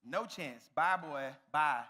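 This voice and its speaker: A man's voice: fairly high pitch, takes it slowly, bright, forceful tone. A young man mimicking a sassy teenage girl dismissing a date during a youth talk. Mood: dismissive.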